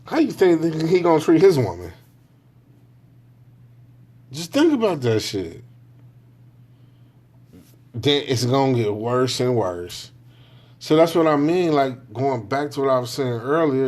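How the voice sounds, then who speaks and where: Guy going off solo on his podcast, cussing a lot, slangy, middle-pitched voice, doing little impressions of people. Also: darkish tone. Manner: profane, emphatic, talks in street slang; acts out other people in quick impressions. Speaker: podcast host. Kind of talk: casual monologue rant.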